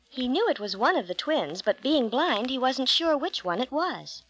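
A woman narrating a children's Bible storybook in an expressive, gentle read-aloud manner. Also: sits high, moderate pace, few pauses, rough recording.

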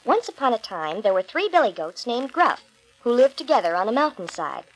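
A woman reading a children's fairy tale aloud with a clear, expressive storybook delivery. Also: fairly high pitch, brisk, slight background noise, rough recording.

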